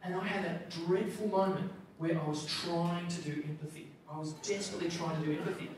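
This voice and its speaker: A man performing a stand-up comedy routine as MC at a corporate gala dinner, telling a story with animated, self-deprecating asides. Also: on the high side, fairly quick, slight background noise. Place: large function room at a gala dinner. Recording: echoey hall, distant mic, audience laughter.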